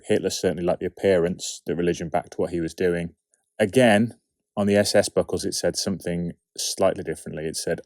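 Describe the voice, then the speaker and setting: A man of about forty talks through production notes in a casual, wry way, often asking himself questions and answering them. His voice sits very low. The sound is dry and close, with no room around it. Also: darkish tone, no echo. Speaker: writer and producer of an audio drama series. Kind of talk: behind-the-scenes production commentary.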